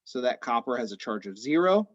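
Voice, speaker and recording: A man teaching chemistry in an online class, explaining methodically step by step, his voice a little hoarse. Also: mid-range voice, very animated, a little fast, dry recording, dull audio. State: slightly hoarse. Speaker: chemistry instructor.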